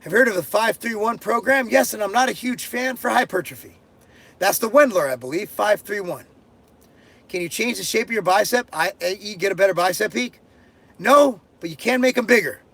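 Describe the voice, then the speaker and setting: A man's voice: high-pitched, brisk, gravelly, a bit bright. A middle-aged man hosting a live stream, reading out viewer questions and answering them bluntly, joking crudely and swearing freely. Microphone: headphones and desk mic.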